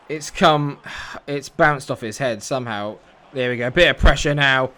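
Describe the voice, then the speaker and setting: A man narrates his football video game as he plays, his voice sitting a little higher than most. He erupts into loud, thrilled shouts at the big moments and sinks into quiet, grumbling asides between them. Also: normal speed. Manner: swings between excited shouting and muttered low asides. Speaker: gaming YouTuber. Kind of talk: live game commentary.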